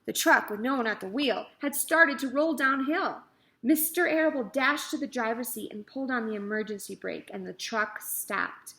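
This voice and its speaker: A woman's voice: on the high side, moderate pace. Woman reading a children's book aloud. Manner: gentle reading with asides. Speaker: storyteller.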